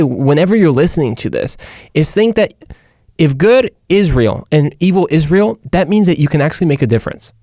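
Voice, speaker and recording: A man's voice: a little high, a little mellow, dry recording, studio quality. An American man hosting a casual, jokey motivational talk in a playful voice. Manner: playful, jokey, uses silly voices and whispers. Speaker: host.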